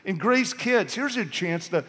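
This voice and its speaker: A man's voice: high voice, expressive, measured pace, fairly bright tone. A male pastor preaching an impassioned, urgent sermon in a church sanctuary. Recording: long reverb of a church hall.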